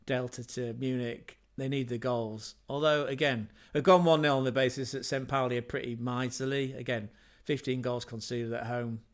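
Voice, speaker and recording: A man's voice: medium pitch, fairly even intonation, moderate pace, hardly any pauses. A man hosting a casual football livestream, chatty and rambling, with self-mocking asides. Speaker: football podcast host.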